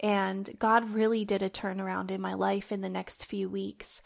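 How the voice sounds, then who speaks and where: A woman's voice: mid-range voice, little pitch movement, moderate pace, gravelly. A woman hosting a faith-based podcast, talking in an earnest, heartfelt, conversational way and recording at home on her phone. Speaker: podcast host.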